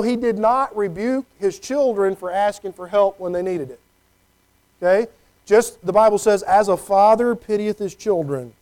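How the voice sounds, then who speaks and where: A man's voice: sits high, mellow, low-quality recording. A middle-aged man preaching a conversational sermon, often checking in with "okay?". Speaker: pastor.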